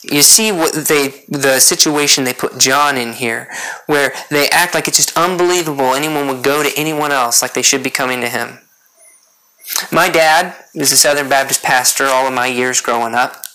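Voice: mid-range voice, moderate pace, bright, forceful tone, clear, resonant tone, low-quality recording. A preacher delivering a sermon, earnest, repeating key points and putting rhetorical questions to the congregation.

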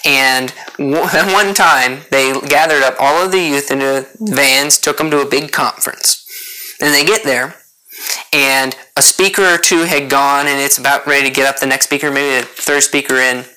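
A preacher giving an earnest sermon in a bright, forceful voice. The delivery circles back to key points for emphasis and keeps pressing the congregation with questions. The pitch sits in a plain middle register. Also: steady tone, moderate pace, clean tone, low-quality recording.

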